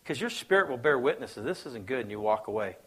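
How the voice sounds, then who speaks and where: A man's voice: very animated, quick pace, slightly rough. A man preaching a sermon as pastor, telling stories, acting out quoted voices and asking the crowd if they follow. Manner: storytelling preacher, acts out quoted voices, asks the crowd questions; swings between hushed low asides and loud raised bursts.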